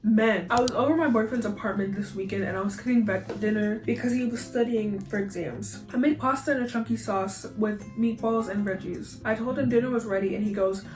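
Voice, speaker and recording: A woman's voice: fairly high pitch, fairly even intonation, a little fast, few pauses. A young woman reading online posts aloud and reacting with slang and frequent laughter. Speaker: YouTuber. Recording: roomy echo, faint music.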